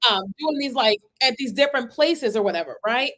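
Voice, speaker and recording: High-voiced woman chatting to her live viewers. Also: a little fast, poor audio. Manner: animated, chatty, asks the audience for replies, frequent "right?" and "okay?". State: itchy from an allergy. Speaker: content creation coach. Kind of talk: livestream talk to viewers. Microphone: computer webcam.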